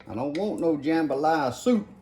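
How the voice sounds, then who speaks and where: An older man with a drawl and a fairly high voice talks through a home cooking demonstration. He keeps it folksy and addresses his viewers directly. A faint sizzle of frying and pots clatters behind him. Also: animated, moderate pace, dark tone, slight background noise. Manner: folksy, talks to viewers as "guys" while working. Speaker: home cook. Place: home kitchen.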